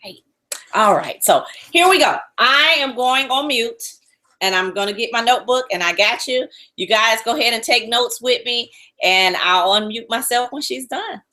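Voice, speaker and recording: A woman's voice: fairly high pitch, animated, moderate pace, sharp tone. A woman hosting a live online webinar, gushing and repetitive as she talks straight to her audience before introducing a guest. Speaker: webinar host.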